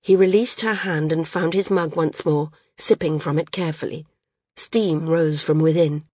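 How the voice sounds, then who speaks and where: A woman reading a novel aloud as an audiobook narrator, in a measured, unhurried storytelling manner. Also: sits low, steady tone, a little mellow, slightly rough, no room sound, studio quality. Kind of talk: scripted narration.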